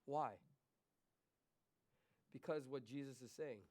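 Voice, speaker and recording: A pastor preaches slowly in a medium-pitched voice inside a church. His sermon moves back and forth from quiet confession to emphatic questions he calls out to the people listening.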